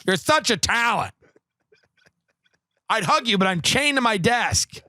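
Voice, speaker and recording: Man impersonating a chirpy late-night host, fawning, high and bouncy, dry close sound. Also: very animated, measured pace, bright, forceful tone, no room sound, heavily acted. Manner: gushing, eager to please.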